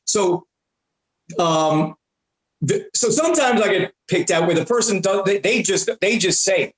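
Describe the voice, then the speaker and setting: Excitable high-voiced man, roomy echo. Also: normal speed. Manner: excitable, repeats and restarts words often. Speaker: guest, prank-call comedian and voice actor. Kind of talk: animated anecdotal storytelling.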